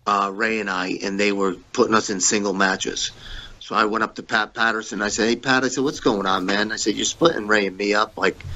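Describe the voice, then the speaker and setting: A man's voice: on the low side, bright, forceful tone, lo-fi sound. A middle-aged man, a former pro wrestler, telling blunt, profane backstage stories in a shoot interview, acting out both sides of old arguments.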